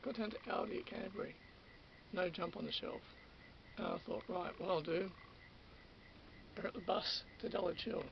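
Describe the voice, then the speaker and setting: A man's voice: high-pitched, fairly even intonation, moderate pace, creaky, pauses often, lo-fi sound, slight background noise. A man with an Australian accent rambling through an everyday story in a casual monologue, repeating and restarting, getting indignant. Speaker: channel host.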